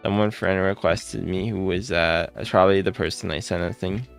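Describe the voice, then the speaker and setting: A man's voice: sits low, steady tone, normal speed, creaky, soft background music. A man streaming live, greeting viewers by name and gushing his thanks in casual chat.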